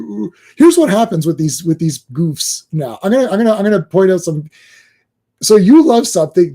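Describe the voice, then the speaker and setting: A man co-hosting a podcast in casual chat, animated, who acts out other people's complaints in mocking voices. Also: high-pitched. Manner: animated, mimics fans in mocking quoted voices. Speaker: podcast co-host.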